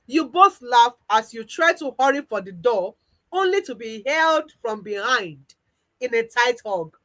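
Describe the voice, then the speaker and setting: A woman's voice: on the high side, animated, unhurried, fairly bright tone, low-quality recording. A woman coach with a Nigerian accent narrating a second-person guided visualization story. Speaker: weight-loss coach.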